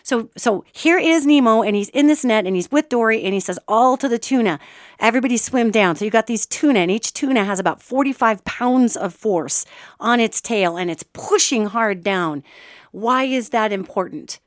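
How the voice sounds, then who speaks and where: A woman's voice: fairly high pitch, lively intonation, normal speed, dry recording, clean studio sound. A middle-aged woman hosting a solo spiritual commentary podcast, talking to listeners in an impassioned, conversational way. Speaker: host.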